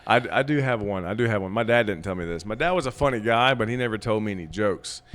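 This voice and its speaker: A man's voice: on the low side, fast, fairly bright tone. A man on a casual comedy podcast, telling a long joke in a rambling, hesitant way. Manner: rambling, hesitant storyteller with fillers.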